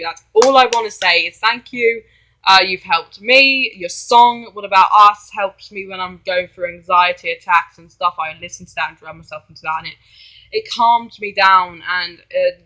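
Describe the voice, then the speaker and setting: A man vlogging straight to camera in a rambling, halting, heartfelt way. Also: high-pitched, sharp tone, rough recording. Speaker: fan vlogger. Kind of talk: casual direct-to-camera vlog.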